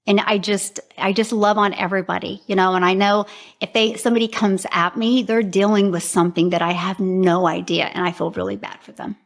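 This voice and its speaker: A woman's voice: medium pitch, flat delivery, fairly quick. Upbeat middle-aged woman, laughing often. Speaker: program founder and presenter. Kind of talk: interview then sales pitch.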